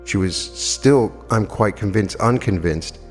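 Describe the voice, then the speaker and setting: A man's voice: fairly low pitch, unhurried, in a large hall, faint music behind. A man in his fifties giving a spiritual lecture, telling anecdotes earnestly and emphatically with rhetorical questions. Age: 50s. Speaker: metaphysical lecturer.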